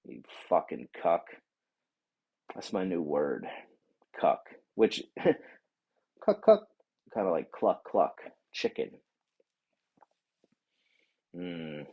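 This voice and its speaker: A man telling a profane, animated rant about a bad day out, acting out the other people in the story. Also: low-pitched, very slow, pauses often, breathy edge, lo-fi sound. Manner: animated, swears a lot, acts out voices of others. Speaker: vlogger.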